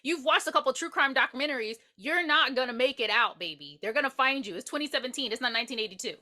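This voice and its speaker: A woman co-host throws blunt, joking asides into a movie review. Her voice is fairly high, swings widely in pitch, and sounds bright. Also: expressive, quick pace. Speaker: podcast co-host. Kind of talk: casual movie review chat.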